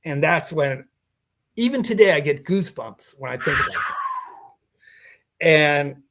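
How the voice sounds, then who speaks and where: A man's voice: fairly high pitch, very animated, slow pace, background noise. An older man telling a personal story in a podcast interview, acting out the dialogue and chuckling as he goes. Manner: recounting a personal encounter with quoted dialogue and chuckles. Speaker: guest.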